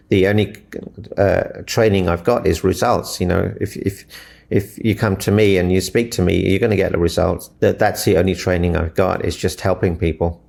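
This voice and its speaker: A man's voice: low voice, vocal fry, darkish tone. A man from Africa, a relationship mentor, answering interview questions with earnest, inspirational stories and retold dialogue.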